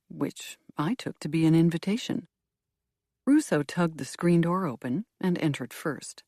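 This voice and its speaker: Woman, audiobook narrator, first-person mystery, low and lively voice, dry close recording. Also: unhurried, no room sound.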